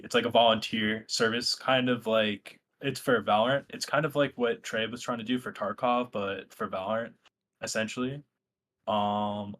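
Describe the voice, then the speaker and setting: A man guest speaking casually, calmly introducing himself. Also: lowish voice, a little hiss or hum. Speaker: guest, cheat analyst. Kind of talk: casual interview chat.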